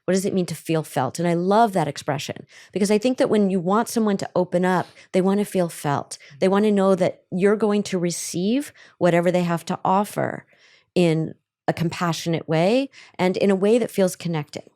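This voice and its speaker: A middle-aged woman therapist answering questions on a podcast, animated and acting out the voices she quotes. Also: lowish voice, moderate pace.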